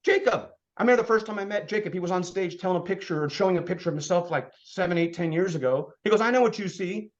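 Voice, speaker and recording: A man in his fifties giving an energetic motivational business presentation as a sales trainer, firing off rhetorical questions. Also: sits high, very fast, few pauses, highs cut off. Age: 50s.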